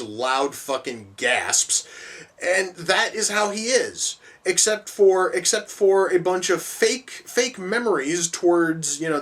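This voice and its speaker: A man's voice: a little high, a bit bright, distant mic. A man reviewing a film in a profane, exasperated rant that rambles and often restarts sentences. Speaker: movie reviewer. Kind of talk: profane movie reaction rant.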